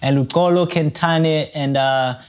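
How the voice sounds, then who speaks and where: A man's voice: fairly high pitch, fairly even intonation, unhurried, clear, resonant tone. A man hosting a casual faith podcast, affirming his co-host with frequent short replies and posing questions. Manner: affirming, prompts with short backchannels.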